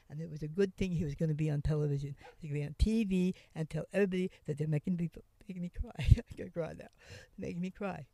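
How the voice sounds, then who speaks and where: A woman's voice: low-pitched, gravelly, warm tone, no room sound. A woman who once lived in a homeless camp, telling her story in a rambling way with many restarts. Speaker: interviewee, former homeless camp resident. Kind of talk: conversational storytelling.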